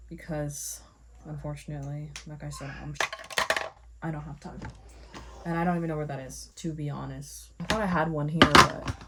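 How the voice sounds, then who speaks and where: A woman with a lowish voice talks through her routine at home, rambling and thinking out loud. Her chatter comes over steady, clearly audible background noise. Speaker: vlogger. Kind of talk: casual rambling narration. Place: at home, getting ready.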